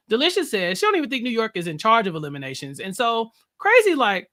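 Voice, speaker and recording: A man hosting a casual recap show, telling the story in an animated way and acting out what people said. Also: sits high, a little fast. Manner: animated storytelling, acts out quotes. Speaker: podcast host.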